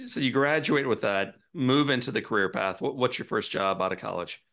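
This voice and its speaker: A man's voice: medium pitch, fairly quick, a bit bright. A man hosting an interview, asking easygoing, conversational questions. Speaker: interview host.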